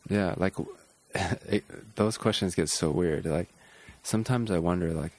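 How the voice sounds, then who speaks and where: A man hosting a casual interview, musing aloud in a relaxed way with many fillers. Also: sits low, unhurried. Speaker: podcast host.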